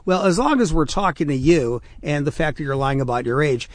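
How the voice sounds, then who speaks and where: A man's voice: on the high side, animated, fairly quick. Jokey, enthusiastic male host. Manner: jokey, enthusiastic, repeats words. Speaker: show host. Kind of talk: hosting a storytelling show.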